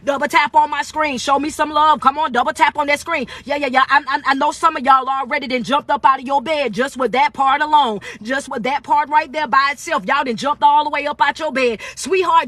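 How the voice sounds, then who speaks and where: A man, a life coach, giving a live-streamed motivational talk in a preachy call-and-response manner, coaxing viewers and building to near-shouting emphasis. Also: very high-pitched, no echo. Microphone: phone livestream.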